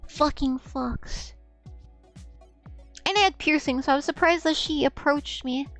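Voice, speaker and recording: A young woman with a high voice chats loosely on a live stream, giggling, tripping over her words and tossing in casual swears. Faint game music plays behind her. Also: fairly quick, fairly bright tone. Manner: rambling, stammering repeats, giggly, swears casually.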